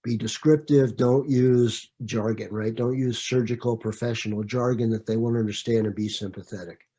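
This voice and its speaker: Husky-voiced man leading a training session. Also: mid-range voice, normal speed. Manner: conversational, answers participants' comments by name; relaxed, with frequent fillers and restarts. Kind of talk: online training lecture.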